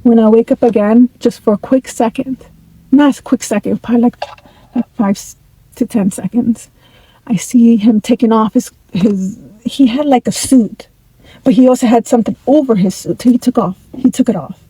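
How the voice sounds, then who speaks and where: A woman from the United States telling a personal story in a casual, animated way, often repeating and restarting her words. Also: a little high, normal speed, breathy edge, no echo, rough recording.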